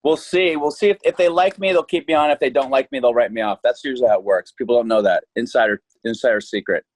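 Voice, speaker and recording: A man's voice: mid-range voice, quick pace, dry recording. A man who is an actor, a guest on a podcast, chatting casually and tossing off wry asides. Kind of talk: casual chat.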